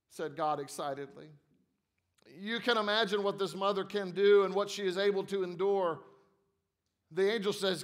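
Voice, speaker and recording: A high-voiced man reads a story to a church congregation. He tells it with animated delivery and drops to a soft, hushed tone as it goes on. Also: normal speed. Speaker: church speaker. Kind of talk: reading aloud in church.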